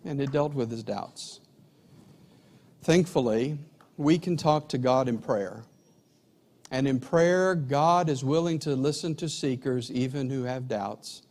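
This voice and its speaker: A middle-aged man preaching a sermon, telling stories and acting out dialogue. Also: medium pitch. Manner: animated storyteller, acts out dialogue.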